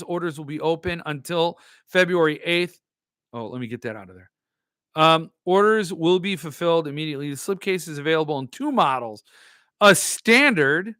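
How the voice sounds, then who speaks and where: A man's voice: high voice, pushed and bright, smooth, dry recording, clean studio sound. A man hosting a podcast in casual chat, reading viewer comments, jokey and self-mocking. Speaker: podcast host.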